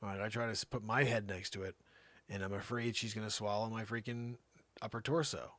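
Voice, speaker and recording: A man's voice: lowish voice, steady tone, fairly quick, fairly bright tone, no echo. A middle-aged man hosting a comedy show, spinning a rambling tall-tale monologue with theatrical jumps in voice.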